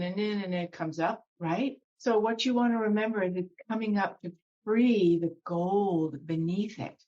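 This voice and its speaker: A woman guest speaking as a spiritual teacher, guiding a slow breathing meditation and then talking about emotions in a soothing way. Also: medium pitch, a little mellow, lo-fi sound. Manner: soothing, slows down to guide breathing. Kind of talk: guided meditation and spiritual talk.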